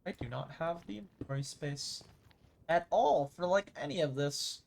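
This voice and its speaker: A man chatting casually while streaming a game live, rambling excitably and tripping over repeated words as he gets going. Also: a little high, normal speed, vocal fry, a little hiss or hum. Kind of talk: casual live gaming commentary.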